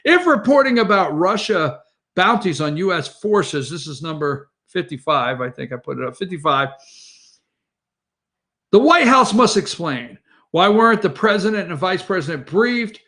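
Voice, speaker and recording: Man, morning show host, heated rambling commentary, high voice, swinging wildly in pitch. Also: animated, unhurried, fairly bright tone. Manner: heated, rambling, talks straight to viewers. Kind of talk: opinionated political commentary.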